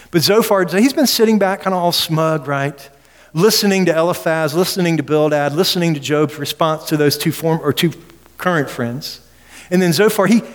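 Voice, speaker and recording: Emphatic male preacher, fairly high voice, rhetorical questions, long hall reverb. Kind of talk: expository sermon.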